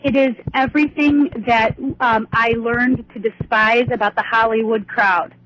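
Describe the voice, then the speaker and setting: A woman's voice: fairly high pitch, fairly even intonation, measured pace, fairly bright tone, a little hiss or hum. A woman calling in to a radio show, talking emphatically and repeating her points. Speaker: caller. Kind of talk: call-in conversation. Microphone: telephone. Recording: muffled phone line on radio.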